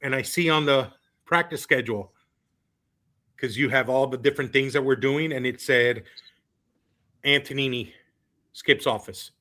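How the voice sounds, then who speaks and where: A man in his thirties, a former college baseball player, tells a story on a podcast in an animated, laughing way, with many fillers. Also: medium pitch, moderate pace.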